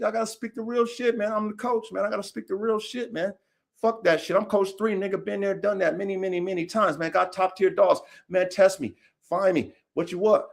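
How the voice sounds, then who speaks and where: A man's voice: sits high, fairly bright tone. A man hosting a dog podcast, delivering a boastful, combative, profane rant full of repetition and challenges to listeners. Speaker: podcast host, dog breeder. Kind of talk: profane ranting monologue.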